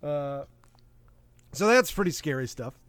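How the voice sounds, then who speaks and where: A man with a high voice talks through a film recap in a loose, rambling way, filling pauses with "uh" and "like". The recording is dry and close, with no room sound at all. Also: animated, a bit bright, clean tone, no room sound. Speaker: podcast co-host. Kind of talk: casual movie chat.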